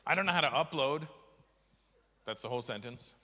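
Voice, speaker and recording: A man from Canada doing a stand-up comedy set, teasing the crowd in an animated, mocking way that rises to shouts. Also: mid-range voice, a little fast. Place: large comedy venue with audience. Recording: live stage recording in a reverberant hall.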